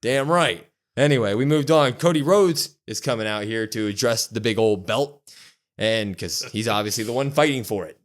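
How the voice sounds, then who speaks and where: Man, wrestling podcast co-host, casual recap, quick animated retelling. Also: medium pitch.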